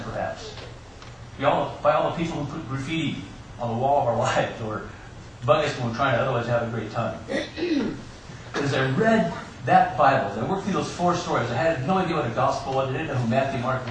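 A man's voice: medium pitch, lively intonation, fairly quick. A man preaching an Easter sermon, telling personal stories with joking asides. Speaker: pastor. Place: church sanctuary. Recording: echoey church room, distant mic, background hiss.

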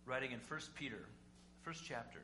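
A male pastor preaching a sermon conversationally, asking rhetorical questions and swinging between loud and quiet. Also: mid-range voice, animated, normal speed. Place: church sanctuary. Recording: echoey room with faint hum.

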